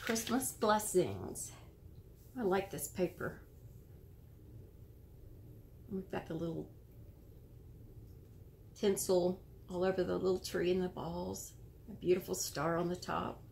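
An American woman hosting a casual show-and-tell of handmade cards, admiring and gentle, sometimes searching for words. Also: lowish voice, a little slow, gravelly, long pauses, slight background noise. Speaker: card-making channel host.

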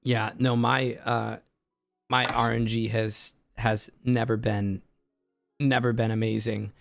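A hoarse man, a voice actor, telling stories excitedly and laughing easily in a casual streaming chat. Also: medium pitch, dry recording, faint music behind. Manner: excitable storyteller, quick to laugh. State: hoarse from an inflamed larynx.

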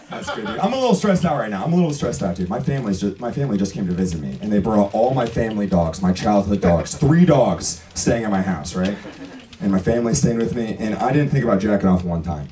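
A young man hosting a comedy club, telling stand-up jokes in a casual, laughing way. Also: on the low side. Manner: laughing often, casual, says "dude" a lot. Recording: distant mic, loud crowd. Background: crowd.

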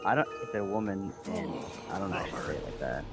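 A man's voice: deep voice, animated, fast talker, over music. A teenage boy in a casual gaming voice chat, laid-back with joking asides. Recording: noisy voice-call audio.

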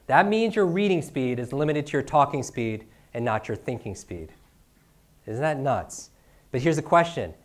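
A middle-aged man teaching a seminar to a live audience, firing off rhetorical questions and tagging lines with "right?". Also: mid-range voice. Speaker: speaker teaching speed reading. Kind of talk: energetic live seminar talk.

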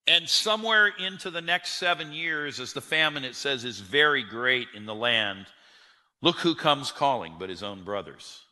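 A man's voice: mid-range voice, expressive, normal speed, pushed and bright. A man preaching a sermon, telling the story with animation and acting out the quotes. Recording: long hall reverb.

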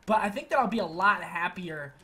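A man's voice: sits high, lively intonation, brisk, bright, forceful tone. A young man in his twenties from Pennsylvania, talking casually and playfully to his viewers in a hyped vlog from home. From Pennsylvania, USA. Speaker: gaming YouTuber.

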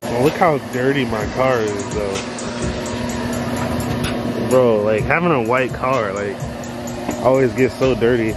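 A man's voice: medium pitch, unhurried, long pauses, over loud music. A young man vlogging casually from his car, talking in loose, slangy chat with plenty of fillers. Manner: laid-back slangy talk, loose fillers. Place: driving in a car and outdoors. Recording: loud road noise behind. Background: car and street noise.

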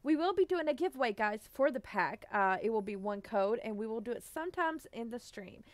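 Bubbly woman game streamer, fairly high voice, dry close sound, giggly, greets chat by name. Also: animated, brisk, no echo. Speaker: Twitch streamer. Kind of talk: casual live-stream chat.

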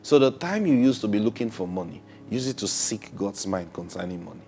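A man preaching a sermon, opening with prayer and acting out little dialogues, swinging from soft to loud. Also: fairly low pitch, animated, fairly quick, faint music behind.

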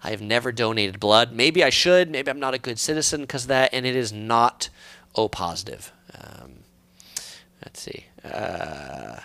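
A middle-aged man from San Diego hosts a live stream, reading out viewer comments in a relaxed, rambling way. His pitch swings widely as he talks. The sound is close and dry, with no room echo. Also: a little slow, vocal fry. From San Diego, California. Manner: relaxed, chatty, reads comments aloud with many fillers. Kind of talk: casual live stream chat. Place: at home.

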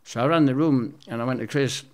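A man's voice: mid-range voice, brisk. Sweary man telling stories. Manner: swearing, rambling anecdotes with acted-out quotes. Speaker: interview guest. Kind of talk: casual storytelling.

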